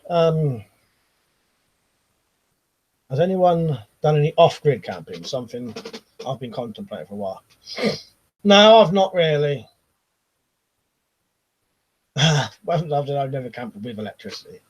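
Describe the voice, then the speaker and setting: A British man hosting a casual live stream, reading out viewer comments and chatting with a laugh, often trailing off into quiet asides. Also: a little high, rough recording. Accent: British English. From Britain.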